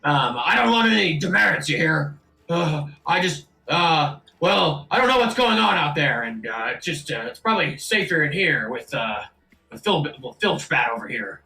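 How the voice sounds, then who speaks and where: A man's voice: on the high side, sing-song, normal speed, creaky, pushed and bright, roomy sound, distant mic, exaggerated voice. A man voicing a cowering airship captain who stammers nervously. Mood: frightened.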